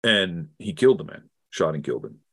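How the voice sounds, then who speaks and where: A middle-aged man, a guest theologian, telling a personal story in an earnest, halting way with many restarts. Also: rumbling low, big pitch swings, vocal fry, a bit bright, breathy edge. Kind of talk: reflective storytelling in conversation.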